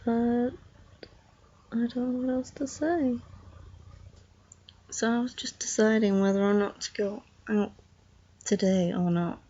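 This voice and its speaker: A woman's voice: fairly high pitch, fairly even intonation, a little slow, pauses often, husky, muffled recording. A young woman chatting casually in a vlog while lying in bed, sleepy and yawning, drifting from thought to thought. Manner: drowsy, meandering, soft-spoken. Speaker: vlogger.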